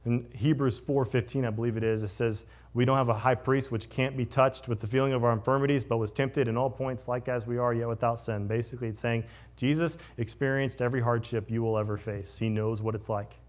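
A male pastor preaching a conversational sermon, moving between lively storytelling and hushed, solemn passages. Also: medium pitch, brisk, hardly any pauses.

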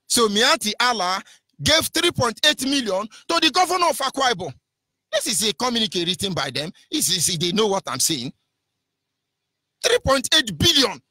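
A Nigerian man hosts a radio broadcast, his high, bright voice ringing with fiery political commentary. He hammers at listeners with rhetorical questions, letting his lines rise and fall in a sing-song way. The sound is dry and close, with no room around it. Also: very animated, normal speed, no room sound. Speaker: radio host.

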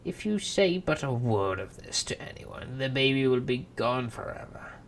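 A reader voicing a boastful, mocking little imp man in a storybook read-aloud, loud and taunting with sudden high leaps. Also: big pitch swings, normal speed, slight background noise.

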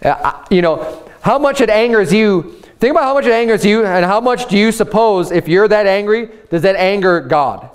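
A man's voice: high voice, lively intonation, moderate pace. A man preaching a sermon as pastor, impassioned and stumbling into restarts and repeated words as he presses his point. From United States.

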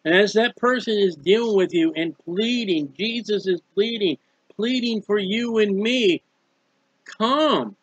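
A man's voice: sits high, measured pace, slightly rough, no echo, highs cut off. A man preaching about a hymn in an earnest, pleading way, repeating phrases as he urges listeners toward faith. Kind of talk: sermon-style hymn commentary.

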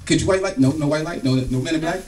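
A middle-aged man doing a stand-up comedy set on a club stage, loud and profane, acting out scenes from home. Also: on the high side, fast, distant mic, crowd noise. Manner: loud, animated, profane, acts out family bits.

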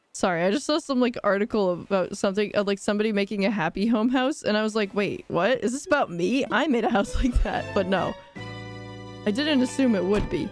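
A woman's voice: mid-range voice, lively intonation, fairly quick, no room sound, faint music behind. A young woman live-streaming a game, chatting casually in a bubbly, giggly, rambling way and reacting to chat.

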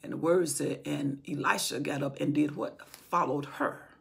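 Raspy, gravelly woman retelling Bible stories. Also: low voice, steady tone, normal speed. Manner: retells from memory, acting out quoted speech. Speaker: Bible teacher. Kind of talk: informal Bible storytelling.

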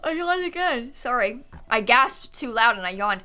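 A young woman chats playfully while she streams a life-sim game, laughing often and teasing her characters. Her voice is bright and fairly high, with a lively, bouncing pitch. Soft game music plays behind her. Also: normal speed, few pauses. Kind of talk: casual live-stream chat. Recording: faint background game music.

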